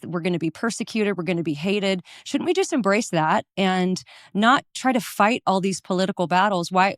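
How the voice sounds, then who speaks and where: A woman's voice: mid-range voice, no echo, clean studio sound. A woman hosting a podcast interview, asking conversational and inquisitive questions. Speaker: podcast host.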